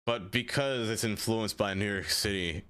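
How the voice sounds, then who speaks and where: Here the man speaks at a normal speed in a fairly low, sharp, clear voice with a resonant tone. During a city-building game stream, he makes rambling small talk, replies to viewers by name, and leans heavily on "like" as a filler.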